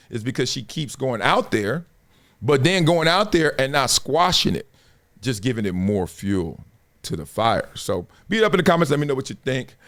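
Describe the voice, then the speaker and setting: A man's voice: mid-range voice, a bit bright. A man hosting a show, giving casual sports commentary in a playful, slangy way. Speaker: show host.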